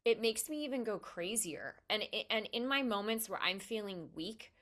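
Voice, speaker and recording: A woman's voice: mid-range voice, lively intonation, normal speed, fairly bright tone. A woman hosting a podcast interview speaks earnestly and emphatically in an ordinary mid-range voice. She often restarts her sentences as she talks. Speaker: podcast host.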